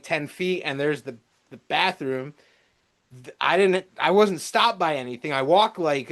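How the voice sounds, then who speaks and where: Male podcast co-host, somewhat high voice, giggly, stop-start storyteller. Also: fairly bright tone. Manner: laughs while telling stories, halting restarts. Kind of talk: casual storytelling chat.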